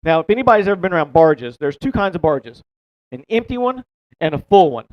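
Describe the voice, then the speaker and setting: A man's voice: high-pitched, very animated, fairly quick, no echo. A man telling a long fishing story in a casual, rambling way, laughing and swearing as he goes. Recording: dull, dry close-mic sound.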